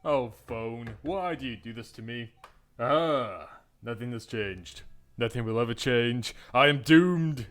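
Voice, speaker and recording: A man's voice: medium pitch, takes it slowly, fairly bright tone. A young man hosting a visual novel playthrough, reading aloud and cracking self-mocking jokes. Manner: joking, self-mocking, laughing often. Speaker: gaming channel host.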